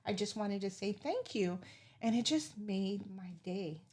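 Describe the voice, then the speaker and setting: A woman's voice: mid-range voice, expressive, measured pace, a little mellow. A woman guest on a podcast, telling heartfelt stories in a rambling way full of fillers. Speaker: guest, business owner. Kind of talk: casual interview chat.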